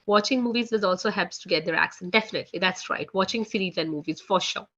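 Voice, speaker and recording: A woman's voice: mid-range voice, fast, a bit bright, dull audio. A woman teaching French in a live online class, chatty, leaning on "you know" and "guys". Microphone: video call.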